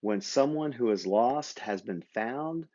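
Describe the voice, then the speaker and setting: A man teaching a children's Bible lesson, talking gently and playfully to the kids and acting the story out with toys. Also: medium pitch, animated, slow pace, dull audio. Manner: puts on simple voices for toy figures. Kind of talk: kids' Bible lesson with toy puppets.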